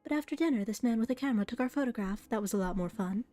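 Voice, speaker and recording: A woman voicing a young, naive noble girl who is a cat, high and chirpy. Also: expressive, racing, faint music behind, natural voice. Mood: sweet, chirpy. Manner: bright, chirpy and polite.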